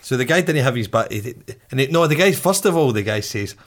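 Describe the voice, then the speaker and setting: A man's voice: medium pitch, fairly quick. A man telling a sweary anecdote in casual chat, acting out the voices of the people in it. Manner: animated anecdote telling, acts out quoted voices, sweary, laughs often.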